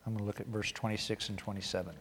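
A man preaching a sermon, reading scripture aloud and growing loud and emphatic as he drives points home. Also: lowish voice, level tone, rapid-fire, in a large hall, a little hiss or hum. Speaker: pastor.

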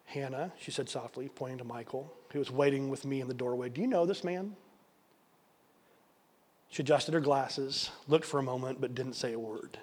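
A male pastor preaching a sermon, telling a story earnestly, sometimes dropping to a soft near-whisper and repeating words for emphasis. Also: medium pitch, steady tone, a little fast, hardly any pauses.

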